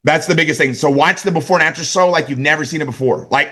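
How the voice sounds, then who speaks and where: A man with a fairly high voice rattles through a motivational sales training at a quick clip. He speaks conversationally and keeps checking in with his listeners as he coaches them. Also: bright, forceful tone, breathy edge. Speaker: network marketing sales trainer.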